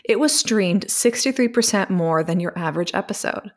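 A woman's voice: mid-range voice, expressive, normal speed. A young woman co-hosting a podcast, chatting casually with lots of "like" and "um". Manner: chatty, filler-heavy with frequent "like" and "um". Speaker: podcast co-host. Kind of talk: casual chat.

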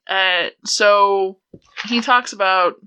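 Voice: medium pitch, very slow, sharp tone, a little hiss or hum, rough recording. A podcast co-host recapping a movie in casual chat, with dry, profane asides and frequent laughter.

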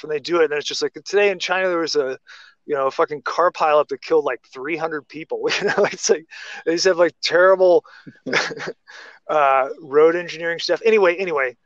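A man's voice: on the high side, fairly quick, fairly bright tone, dry recording. A man talking casually in a podcast chat, rambling through restarts and tangents. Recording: dry, muffled lo-fi sound.

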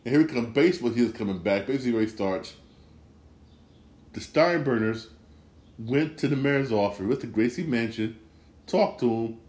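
A man's voice: fairly low pitch, lively intonation, moderate pace, a little mellow, echoey room. A man hosting a casual sports podcast, rambling and repeating himself as he gets worked up. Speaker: podcast host.

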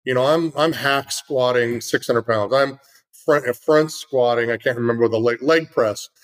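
A man's voice: medium pitch, moderate pace, low-quality recording. A middle-aged man in casual conversation, telling an earnest story with lots of fillers.

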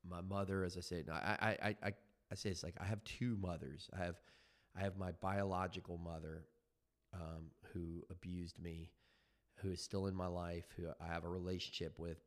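A man in his fifties telling a personal recovery story on a headset mic, halting and reflective, with many fillers and restarts. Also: low voice. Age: 50s.

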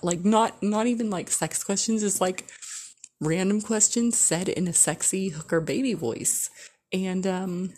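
A woman's voice: medium pitch, measured pace, a little mellow, slightly rough. A woman vlogger telling a casual storytime, chatty and rambling with lots of filler words.

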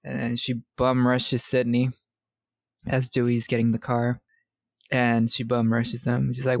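Young man with a gravelly creak. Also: medium pitch, completely flat delivery, measured pace, no room sound. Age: 20s. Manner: loose and profane, laughs often, slangy. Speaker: podcast co-host recapping a film. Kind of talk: casual movie recap chat.

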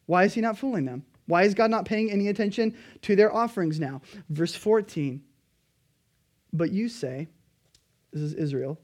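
High-voiced pastor preaching a sermon. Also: male voice, expressive, a little fast, hardly any pauses. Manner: emphatic preaching, pleading then quietly earnest.

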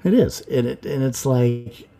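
A man's voice: medium pitch, measured pace. A man co-hosting a podcast, talking in a casual, jokey way. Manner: animated, jokey storytelling. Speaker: podcast co-host. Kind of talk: casual chat.

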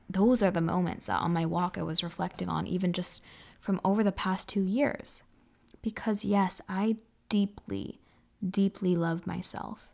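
A woman in her twenties hosting a reflective solo podcast, speaking softly and earnestly and often sinking into a breathy whisper. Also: lowish voice. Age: 20s. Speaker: podcast host.

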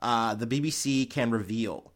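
A man's voice: mid-range voice, normal speed. A man hosting a podcast, talking through news stories in a rambling, profane, heated way. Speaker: podcast host. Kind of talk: casual news commentary.

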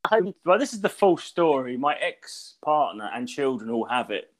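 A man telling a rambling, animated anecdote in casual podcast chat, swearing freely. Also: mid-range voice, moderate pace. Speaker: podcast co-host.

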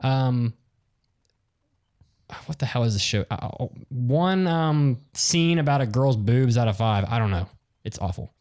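A man's voice: medium pitch, unhurried, a little mellow. A man hosting a casual podcast, talking bluntly and ranting with exasperation. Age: adult with office job. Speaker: podcast host.

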